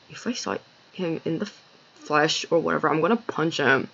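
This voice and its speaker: A woman with a gravelly, fry-heavy voice rambles through an agitated, profane personal story. She speaks in a loose, casual monologue with no script. The recording is dull and lo-fi. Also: sits low, lively intonation, moderate pace, a bit bright.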